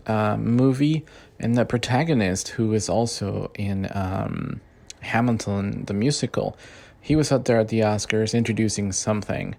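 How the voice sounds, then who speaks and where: A man's voice: on the low side, creaky, a little mellow. A man hosting a casual rant show, heated and loose, swearing heavily and filling gaps with "you know" and "like.". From Mexican-American. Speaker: podcast host.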